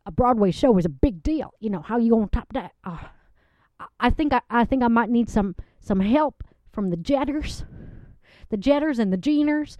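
A woman's voice: a little high, expressive, moderate pace, dark tone, no echo, close to an everyday voice. A woman playing a folksy, lovestruck woman who rambles, gushes and gets tearful in a comedy bit. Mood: flustered. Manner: rambling, gushing, tearful, dialect-heavy. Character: folksy lovestruck Southern woman, giddy and emotional. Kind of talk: improvised comedy character bit. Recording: dull lo-fi recording.

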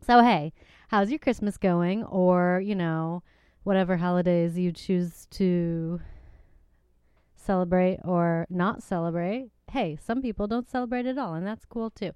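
A woman's voice: on the low side, a little slow, a little mellow, clean tone, no room sound, studio quality. A woman hosting her podcast from home at a microphone, chatting casually in a bubbly, giggly, gushing way. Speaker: podcast host. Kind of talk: casual chat. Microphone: desk microphone.

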